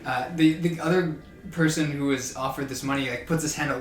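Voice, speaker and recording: A man's voice: fairly high pitch, steady tone, fairly quick, reverberant, rough recording. A man running a tabletop game as game master, narrating loosely with lots of fillers. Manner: loose, full of fillers like "kinda, like".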